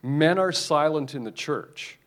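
A man's voice: a little high, animated, unhurried, a bit bright. A man preaching a sermon, emphatic and repetitive, often restarting his phrases.

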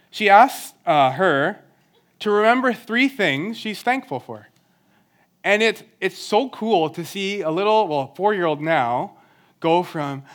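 Young male church speaker, high-pitched, earnest and conversational, pokes fun at himself. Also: a bit bright, clean tone. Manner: earnest, conversational, self-deprecating humor. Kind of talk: sermon.

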